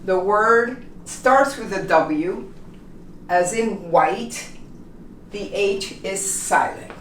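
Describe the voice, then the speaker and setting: A woman teaching an English pronunciation lesson, patiently saying example words slowly and repeating them. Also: mid-range voice, fairly bright tone, slight background noise. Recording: echoey room, mic at a distance.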